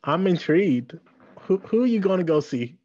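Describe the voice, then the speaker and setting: Woman, podcast co-host, blunt, frequent laughter, low-ish husky voice, dull lo-fi recording. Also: normal speed. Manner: laughs often, excitable and blunt. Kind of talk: casual recap chat.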